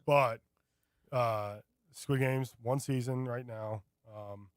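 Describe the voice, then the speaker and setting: A man chatting casually on a radio show, telling a rambling, animated story with many fillers. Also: medium pitch, slow pace, no room sound, studio quality. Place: radio studio.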